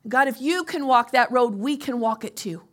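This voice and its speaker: A woman pastor preaching and leading a congregation in prayer, swinging from soft, near-whispered lines to loud rallying shouts. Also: sits high, moderate pace.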